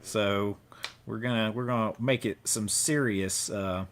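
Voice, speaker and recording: A man's voice: on the low side, steady tone, unhurried, fairly bright tone, slight background noise. Joking man hosting a livestream. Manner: loose, joking, thanks viewers for super chats. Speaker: livestream host. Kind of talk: casual chat.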